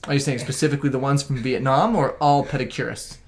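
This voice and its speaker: A man co-hosting a casual podcast, teasing his partner in quick banter. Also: medium pitch, fairly even intonation. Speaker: podcast co-host. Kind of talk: casual chat.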